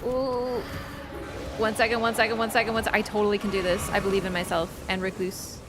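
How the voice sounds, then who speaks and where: A woman streaming a video game in casual chat, excitable, swearing and yelping when startled. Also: mid-range voice, fast, very noisy. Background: game music.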